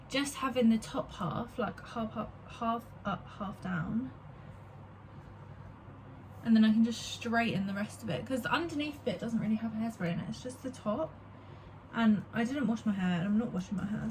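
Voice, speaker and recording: Young woman vlogging, rambly and sweary, slightly high voice, chatting while doing her hair at home. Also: a little hiss or hum, rough recording. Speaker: beauty vlogger. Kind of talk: casual chat to camera. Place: home, getting ready at a mirror.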